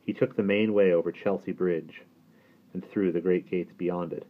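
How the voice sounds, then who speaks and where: A man reading a novel aloud in steady audiobook narration. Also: low-pitched, moderate pace. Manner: steady storytelling. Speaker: audiobook reader. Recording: tinny phone-like sound.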